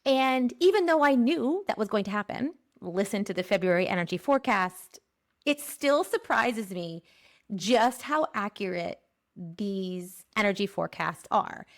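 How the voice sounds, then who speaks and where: A woman from Pennsylvania hosting a podcast, giving a spiritual monthly energy forecast in a playful monologue, laughing often and drawing out key phrases slowly. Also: mid-range voice, expressive. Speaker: podcast host.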